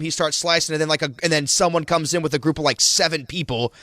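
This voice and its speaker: A man's voice: on the high side, brisk, hardly any pauses, bright, forceful tone, dry recording. A man co-hosting a morning radio show, joking in slangy casual banter. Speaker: radio co-host. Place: radio studio.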